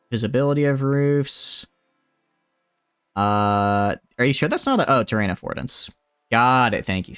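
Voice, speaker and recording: Man, game streamer, low voice, dry sound, rambling, wry, thinks aloud, reads chat. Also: smooth, no room sound. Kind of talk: live-streamed gameplay commentary, reading chat.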